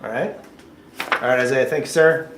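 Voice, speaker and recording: A man's voice: medium pitch, normal speed, background noise. A man coaching job seekers in a casual, joking way, giving patient advice during a mock interview. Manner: upbeat, joking, explains patiently. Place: coffee shop, indoors. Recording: echoey coffee shop room.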